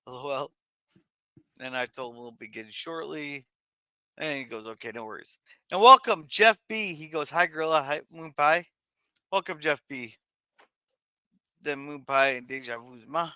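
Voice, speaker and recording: A man hosting a casual livestream, reading viewer messages aloud in a chatty, halting way. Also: fairly high pitch, expressive, pushed and bright, clear, resonant tone, no echo. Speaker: stream host reading chat.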